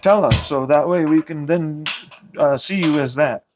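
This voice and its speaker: A man's voice: on the high side, measured pace, music in the background. A young man venting in a rambling personal vlog, agitated and swearing as he acts out arguments. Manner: agitated, swearing, mimics others in heated back-and-forth. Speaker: vlogger. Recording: dull lo-fi audio with clear background noise.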